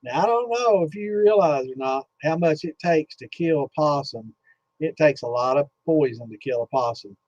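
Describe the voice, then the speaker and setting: A man's voice: a little high, expressive, moderate pace, a little mellow, dry recording. A man hosting a distilling Q&A chat, telling a rambling story full of cursing and fillers, with a slightly dull lo-fi sound. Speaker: host of a distilling Q&A livestream.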